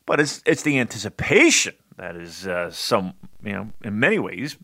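A man's voice: fairly low pitch, sing-song, normal speed, sharp tone, no room sound, studio quality. A man co-hosting a podcast in casual chat, laughing easily and asking questions. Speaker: podcast co-host.

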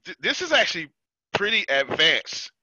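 American man, very bright voice, dry close sound, slightly muffled, joking storyteller. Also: sits high, sing-song, moderate pace, dry recording. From United States. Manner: joking, storytelling, laughs often. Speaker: meeting host. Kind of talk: casual team meeting talk.

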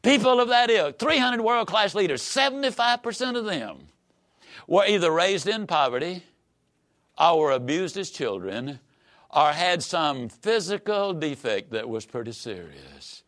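A man giving a folksy, emphatic motivational talk that swoops high and low. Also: very animated, unhurried, a bit bright. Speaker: motivational speaker. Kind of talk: motivational speech.

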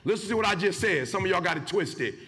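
Man, motivational speech, bright tense voice, call-and-response. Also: high-pitched, expressive, fast. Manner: preachy call-and-response, slangy, emphatic. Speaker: motivational speaker. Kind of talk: motivational speech to a live audience. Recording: live hall with long reverb.

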